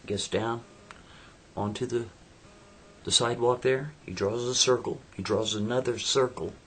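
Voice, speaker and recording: A man's voice: mid-range voice, fairly even intonation, a little slow, fairly bright tone, breathy edge. A man casually retelling a story, loose and conversational.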